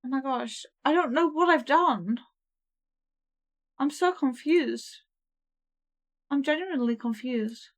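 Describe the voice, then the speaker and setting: A woman's voice: high-pitched, slow pace, pauses often. A young adult woman streaming a game, chatting casually and thinking aloud in a flustered, giggly way. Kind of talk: casual live-stream gameplay chat.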